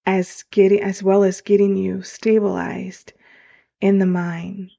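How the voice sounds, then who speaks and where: Gravelly, mellow-voiced woman life coach. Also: medium pitch, level tone, unhurried. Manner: earnest, coaching, speaks directly to listeners. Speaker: podcast host and life coach. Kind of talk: motivational podcast monologue. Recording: dull lo-fi sound.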